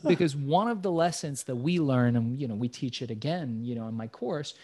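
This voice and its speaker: A man's voice: medium pitch, expressive, moderate pace, a little mellow. Brash, profane man telling stories. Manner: brash storytelling, heavy swearing. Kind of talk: casual conversation.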